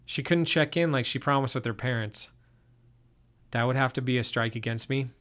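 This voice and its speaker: A man reads a first-person story aloud at an even, steady pace. His voice sits in a middle register and stays plain throughout. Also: mid-range voice, moderate pace.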